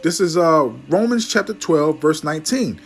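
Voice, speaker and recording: A man's voice: on the high side, lively intonation. Male preacher with a raised voice, rebuking and emphatic, stutters when fired up, faint music underneath. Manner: scolding, emphatic, calls listeners man; reads verses slowly and loudly. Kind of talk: fiery scripture teaching.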